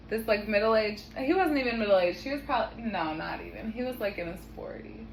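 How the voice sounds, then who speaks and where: A woman's voice: medium pitch, poor audio. Young woman vlogger, chatty and laughing, casual swearing, faint room noise. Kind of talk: casual storytelling. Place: home kitchen.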